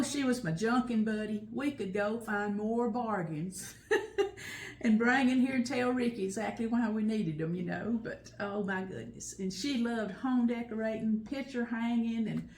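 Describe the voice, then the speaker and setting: An older woman hosting a home vlog reminisces indoors, her voice a little high and her pace normal, with a roomy sound. Her personal storytelling is heartfelt and emotional, and she frequently breaks into laughter.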